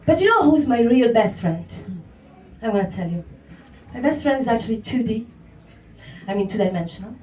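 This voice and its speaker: A woman's voice: on the high side, lively intonation, moderate pace, darkish tone. A woman with a non-native English accent performing a stand-up comedy set, chatty and swearing, laughing at her own jokes. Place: live comedy venue with audience. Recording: echoey room, mic heard from a distance, crowd laughter.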